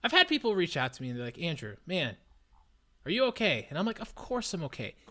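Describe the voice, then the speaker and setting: A man in his twenties co-hosting a casual podcast, loud and excitable, ranting and joking at himself. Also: on the high side, quick pace. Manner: loud, excitable, self-mocking rants. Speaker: podcast co-host.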